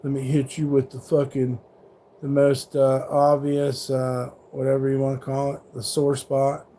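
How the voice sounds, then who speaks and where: A middle-aged man livestreams from a truck stop, swearing freely as he goads trolls in his chat. His voice is dark and mellow with a flat, level pitch. A faint hum of background noise sits under the recording. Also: unhurried. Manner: confrontational, profane, taunting chat trolls.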